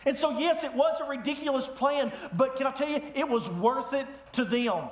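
High-voiced preacher in an echoey hall. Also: male voice, normal speed. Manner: animated storytelling with humor. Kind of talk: sermon. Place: church sanctuary. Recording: echoey room.

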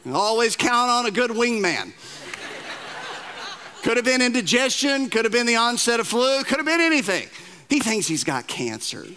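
Bright high-voiced male pastor preaching. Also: sing-song, some chatter behind. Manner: conversational storytelling with self-deprecating humor; halting, repeats words when starting sentences. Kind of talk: sermon.

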